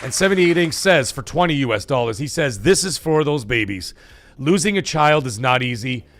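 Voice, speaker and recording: A faint crowd and slight background noise sit behind this man's medium-pitched voice as he speaks at a moderate pace. Hosting a laid-back livestream, he swears often and excitedly reads donations aloud, getting choked up as he does.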